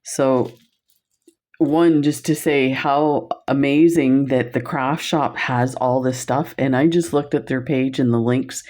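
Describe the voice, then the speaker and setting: A woman hosting a beading video, gushing and excited as she shows off new beads, laughing often. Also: rumbling low. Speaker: beading channel host. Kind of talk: casual product showcase vlog.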